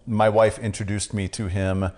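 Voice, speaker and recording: A man hosting a podcast interview, relaxed and asking plain questions. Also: fairly low pitch, moderate pace. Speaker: podcast host. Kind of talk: casual interview chat.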